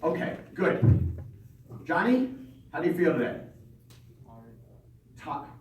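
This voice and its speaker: A man leading a band rehearsal, brisk and encouraging, singing rhythms aloud between instructions. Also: fairly high pitch. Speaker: band conductor. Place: large rehearsal hall with a band. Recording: roomy, distant, noisy rehearsal recording.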